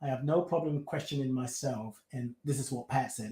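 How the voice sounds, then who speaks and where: A man's voice: mid-range voice, normal speed, mellow, slightly rough. A man hosting a spiritual talk show, speaking from the heart in an emotional, repetitive way and reading out listener comments. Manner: heartfelt, emotional, repeats himself. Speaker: podcast host.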